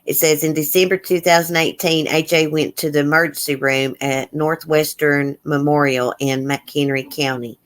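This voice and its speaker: A host on a casual live stream reads a news report aloud in a mid-range voice. Blunt, indignant asides break into the reading, along with quick remarks to the chat. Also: mid-range voice, steady tone, a bit bright. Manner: chatting with viewers in the chat.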